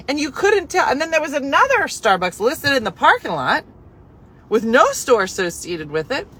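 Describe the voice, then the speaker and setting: A woman telling a comic story in an animated, exasperated way, with sarcastic asides. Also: fairly high pitch, husky.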